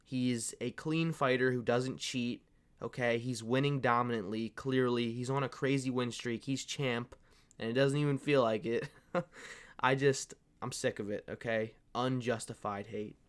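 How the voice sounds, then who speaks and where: A man's voice: mid-range voice, steady tone, a little slow, clear, resonant tone. A man hosting a fight-sports commentary channel, ranting casually in a profane, fired-up, rambling way and calling his viewers "bro". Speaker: MMA commentary channel host. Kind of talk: casual opinion rant.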